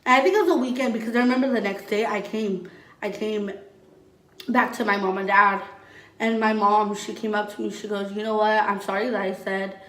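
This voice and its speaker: Speaking fairly quickly in a bright, mid-range voice, a young adult woman vlogs about her own experiences. She is candid and blunt, full of swearing and "like," and the room is echoey with her voice sounding distant.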